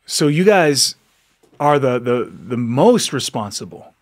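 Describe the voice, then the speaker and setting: A man's voice: mid-range voice, very animated, slow. A man hosting a podcast, giving an earnest, exhorting motivational monologue, often repeating himself and laughing between lines. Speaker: podcast host.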